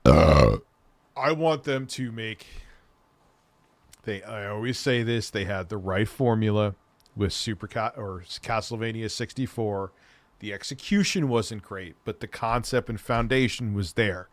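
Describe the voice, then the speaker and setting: A man's voice: on the low side, a little slow, no echo. A man hosting a casual livestream, chatting with viewers in a rambling, enthusiastic way and swearing freely. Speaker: streamer host.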